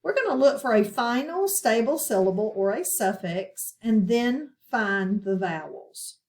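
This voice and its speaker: A woman teaching a phonics lesson to children, asking questions and pausing patiently for answers. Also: fairly high pitch, lively intonation. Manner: slow, patient, asks questions and pauses.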